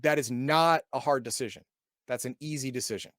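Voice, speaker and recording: A man's voice: medium pitch, brisk, fairly bright tone, no room sound, clean studio sound. A man hosting a casual chat, reading passages from a game book aloud and adding sarcastic asides, often stumbling and repeating words. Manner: sarcastic, reads passages then adds wry asides. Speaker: podcast host reviewing a game book.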